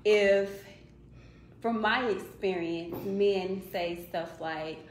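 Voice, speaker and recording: A woman's voice: medium pitch, extremely slow, reverberant, slight background noise, rough recording. A woman on a casual chat panel, hesitant and searching for her words as she explains. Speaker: guest panelist.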